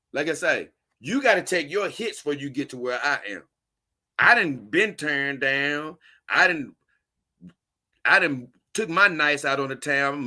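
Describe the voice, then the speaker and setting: A man's voice: on the high side, sharp tone. A man hosting a casual livestream, reading viewer comments and giving blunt, preachy, slangy advice with emphatic delivery.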